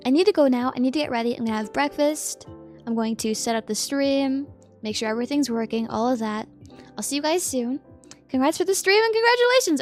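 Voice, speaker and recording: A woman's voice: high voice, darkish tone. A sleepy woman streamer chatting casually with her viewers, giggling as she reads their messages aloud and answers them.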